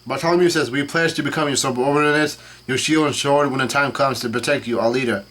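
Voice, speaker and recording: A man casually reading a comic chapter aloud and commenting on it, with the dialogue in a flat voice and frequent fillers and self-corrections. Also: medium pitch, quick pace. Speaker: channel host reacting to a comic chapter.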